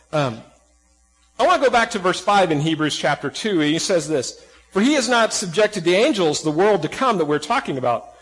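A man's voice: on the high side, fairly bright tone, husky, big-room sound, low-quality recording. A man preaching a sermon, earnest and emphatic, asking the listeners questions and restarting phrases as he goes. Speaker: pastor.

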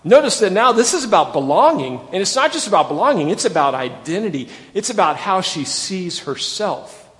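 A man preaching a sermon, animated and emphatic, repeating phrases for stress. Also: high-pitched, fairly quick, long reverb tail. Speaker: pastor.

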